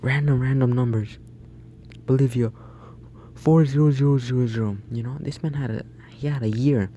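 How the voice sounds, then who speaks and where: A man's voice: mid-range voice, steady tone, moderate pace, mellow, lo-fi sound, slight background noise. A young man telling a story over gameplay in a casual, rambling way, often restarting his sentences. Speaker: gaming YouTuber.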